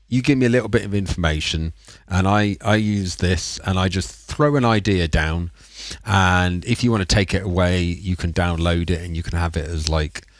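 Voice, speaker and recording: Chatty man with a low voice. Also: no room sound, studio quality. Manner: rambling, chatty and self-mocking. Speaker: livestream music producer. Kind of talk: casual live-stream chat.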